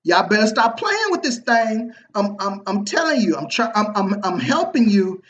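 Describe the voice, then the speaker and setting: A man telling a personal story to his viewers in a casual, motivational way, slangy and animated, acting out the people he quotes. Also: high voice, moderate pace, muffled recording, slight background noise. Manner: animated, slangy, repeats himself and acts out quoted dialogue. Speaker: online marketing video host.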